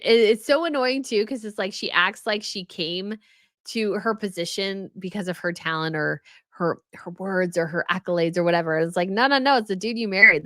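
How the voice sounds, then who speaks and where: A woman's voice: mid-range voice, fairly bright tone, no room sound, studio quality. An American woman hosting a casual live stream, reading viewer comments aloud and chatting about them. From United States. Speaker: royal news channel host reading live chat.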